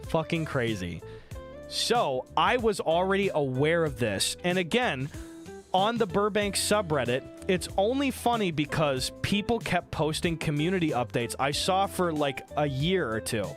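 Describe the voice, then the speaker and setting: Young man, streamer, high voice, lively swings in pitch, swears a lot, acts out quotes, desk mic at home. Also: unhurried, faint music behind. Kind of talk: casual storytelling on a live stream.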